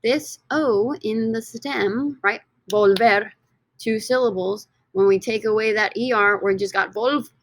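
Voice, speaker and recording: A woman teaching a recorded lesson from slides in an upbeat, teacherly way, often stretching words out slowly for emphasis. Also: mid-range voice. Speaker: Spanish teacher.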